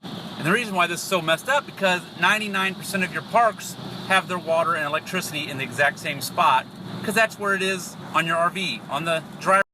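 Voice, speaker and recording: A man's voice: on the high side, a little fast, background noise. A man talking casually to viewers in a travel vlog, crude and joking, filmed while driving. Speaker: vlogger. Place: driving a vehicle outdoors.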